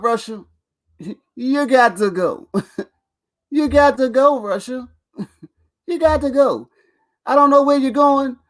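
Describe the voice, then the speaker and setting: A man's voice: very high voice, fairly bright tone. A man hosting his own video channel, rambling and swearing as he talks straight to viewers and laughs between lines. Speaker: vlog host. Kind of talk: casual rant to camera.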